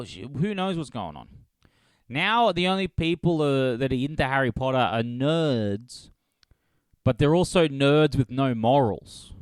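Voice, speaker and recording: A man's voice: medium pitch, clear, resonant tone, dry recording. A young man hosting a podcast by himself, ranting in a crude, sarcastic way and slipping into mocking impressions. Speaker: podcast host. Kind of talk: solo comedic rant.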